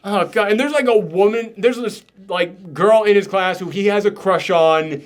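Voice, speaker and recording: Man, slightly high voice, animated ranting host of a film reaction chat. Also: moderate pace. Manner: animated, exasperated ranting with swearing. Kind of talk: casual film review chat.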